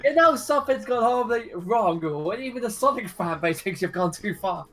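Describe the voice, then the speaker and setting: A man's voice: high voice, animated, brisk, over music. A man as a guest on a casual gaming podcast, wry and laid-back. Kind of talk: casual chat.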